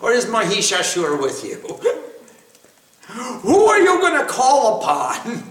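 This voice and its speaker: A man's voice: very high voice, wildly swooping pitch, takes it slowly, fairly bright tone, far from the mic. A man giving a spiritual talk as teacher, telling stories animatedly and laughing often. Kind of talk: devotional talk with questions. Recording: echoey room, away from the mic.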